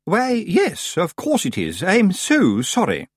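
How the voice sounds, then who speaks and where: A man voicing a haughty grand witch woman, affected and falsely sweet in a high voice. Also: wildly swooping pitch, takes it slowly, husky, no room sound, clean studio sound, heavily acted. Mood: icily sweet. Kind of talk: audiobook character voice.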